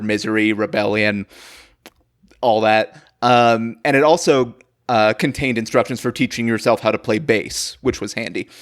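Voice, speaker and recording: A man's voice: medium pitch, clear, resonant tone. A man hosting a comedy history podcast, rambling through a made-up story with lots of fillers and chuckles. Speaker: podcast host.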